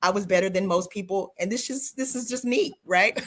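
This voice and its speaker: Animated storytelling woman. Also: medium pitch, normal speed. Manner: animated storyteller acting out her kids. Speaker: comedian guest. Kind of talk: casual panel chat.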